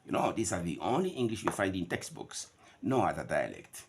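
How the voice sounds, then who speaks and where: A man's voice: low-pitched, very animated, gravelly, husky. A man whose first language is Bantu, giving a classroom lecture on English pronunciation and drilling words by contrasting them. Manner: drawn-out contrasting word repetitions.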